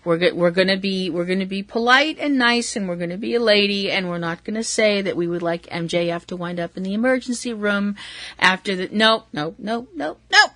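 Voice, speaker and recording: A woman's voice: mid-range voice, brisk, fairly bright tone, no room sound. A middle-aged woman hosting a wrestling podcast, talking casually on her own in a chatty, profane, playfully exasperated way. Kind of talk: casual solo commentary.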